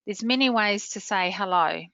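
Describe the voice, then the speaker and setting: A middle-aged woman with a New Zealand accent presenting a scripted training webinar, explaining terms clearly with many examples. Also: medium pitch, normal speed, a bit bright, no room sound, highs cut off. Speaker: literacy manager presenting a webinar.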